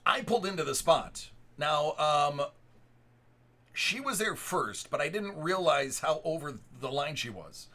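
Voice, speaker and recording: A man in his thirties with a bright, forceful voice, telling a personal story to a live chat. He rambles and restarts his sentences often. His pitch sits a little high for a man. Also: lively intonation, unhurried. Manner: rambling, restarts and repeated words. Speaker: live stream host.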